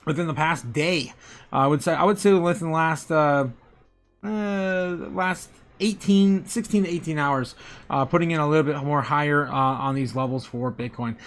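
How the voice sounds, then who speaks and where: A man's voice: fairly high pitch, normal speed, faint music behind. A man hosting a casual crypto livestream, greeting chat members by name, repeating himself and chuckling often as he reads the charts.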